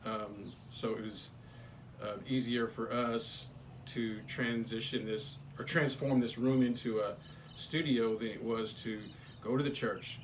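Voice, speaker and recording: A man pastor co-hosting a casual live stream from a home studio, relaxed and easygoing with stumbling restarts. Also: medium pitch, unhurried, slight background noise. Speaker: pastor and co-host. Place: spare room turned home studio.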